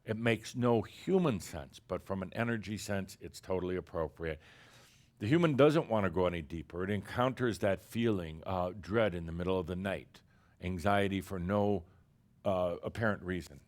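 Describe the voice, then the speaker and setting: A man acting as a spiritual teacher, channeling an entity and addressing his audience as "dear human" in a playful, theatrical way that swings between loud emphatic bursts and quiet, drawn-out phrases. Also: sits low.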